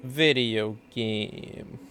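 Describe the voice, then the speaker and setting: A man's voice: mid-range voice, extremely slow, a bit bright, soft background music. A man streaming a video game, chatting casually and laughing as he plays. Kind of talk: casual gameplay commentary.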